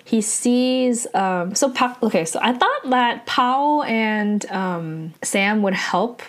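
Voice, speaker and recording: A woman with a slightly high, animated voice casually recaps a drama episode. Her talk is loose and chatty, full of "like" and quick self-corrections.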